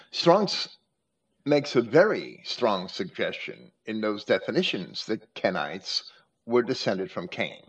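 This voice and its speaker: A man hosting a scripture study, explaining at length in a deliberate way with frequent hesitations and restarts. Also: lowish voice. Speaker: host. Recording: muffled lo-fi recording.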